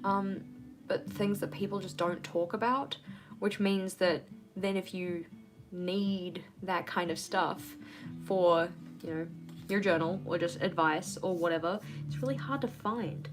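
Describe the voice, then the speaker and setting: A woman's voice: fairly low pitch, unhurried. Woman, livestream host, casual chatty talk, candid, ranty, guitar music behind. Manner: chatty, candid, rants and laughs readily. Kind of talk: casual live chat while journaling.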